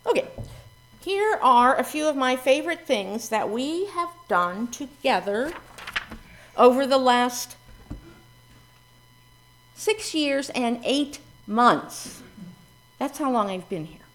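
Expressive woman minister preaching. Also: high-pitched, slow pace, pauses often. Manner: expressive, reflective delivery with varied emphasis. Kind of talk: sermon.

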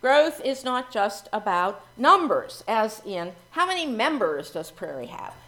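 A middle-aged woman minister giving a reflective sermon with expressive, varied emphasis. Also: a little high, measured pace.

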